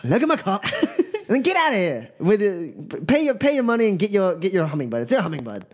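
A man voicing a sly, fast-talking street magician who calls everyone love. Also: high-pitched, wildly swooping pitch, voice pushed up, full character voice. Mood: cheery.

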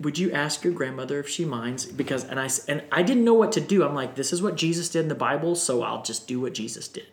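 A man, a singer guest on a podcast, telling an emotional story in an animated way. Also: mid-range voice, quick pace, hardly any pauses. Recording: roomy echo.

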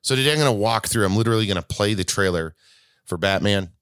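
A man's voice: lowish voice, fast talker, fairly bright tone, smooth, no echo, studio quality. A man hosting his podcast alone, talking casually and rambling with frequent restarts. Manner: rambling, self-correcting, chatty. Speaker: podcast host. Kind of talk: casual solo podcast talk.

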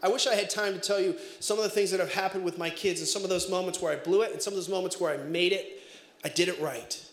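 A middle-aged man preaching a sermon as pastor, telling family stories in an animated way with bursts of shouting. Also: high-pitched, fast talker. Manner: animated storytelling, breaks into shouts and laughter. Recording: echoey room.

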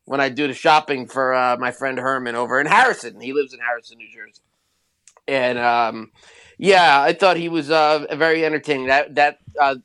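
A man co-hosting a podcast in casual chat, chatty and reminiscing with quick asides. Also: medium pitch, a bit bright. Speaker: podcast co-host.

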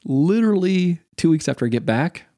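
A man from the United States co-hosting a podcast, telling a story in a lively way and acting out the quotes. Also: fairly high pitch, brisk, no echo, clean studio sound. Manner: animated storyteller, acts out quotes. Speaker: podcast co-host. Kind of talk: casual podcast chat.

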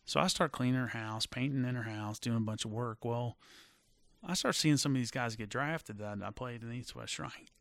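A middle-aged former football player telling stories in a casual chat, animated and full of fillers. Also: male voice, medium pitch, moderate pace, vocal fry, no room sound. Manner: animated storyteller with many fillers. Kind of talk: casual storytelling.

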